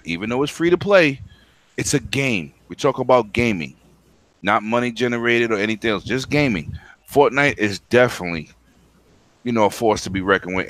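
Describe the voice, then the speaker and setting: A man's voice: fairly low pitch, a bit bright, no echo. A man co-hosting a gaming podcast who argues his point firmly and with emphasis. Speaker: podcast co-host. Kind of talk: casual chat.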